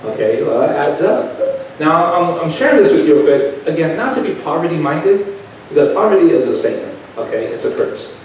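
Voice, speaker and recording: A man's voice: a little high, animated, brisk, darkish tone, a little hiss or hum. A middle-aged man preaching a sermon, telling personal stories in a folksy, conversational way and asking the crowd questions. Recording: echoey hall, taken from far off.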